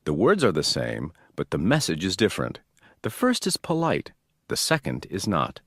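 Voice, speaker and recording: A man giving scripted textbook narration in a slow, demonstrative teaching manner. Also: low voice, huge pitch swings, fairly bright tone, breathy edge, no room sound, studio quality.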